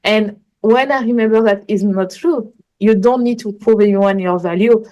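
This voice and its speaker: A woman's voice: mid-range voice, normal speed, warm tone, lo-fi sound. A woman, a coach talking as a guest in a casual interview, telling earnest, rambling stories in English. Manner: earnest, rambling storytelling in non-native English. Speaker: manifestation coach, podcast guest.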